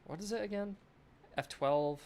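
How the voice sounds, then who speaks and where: A man's voice: sits high, normal speed, darkish tone. A male game developer thinking aloud in a casual live stream, chatty and self-mocking, swearing offhandedly, speaking into a desk microphone.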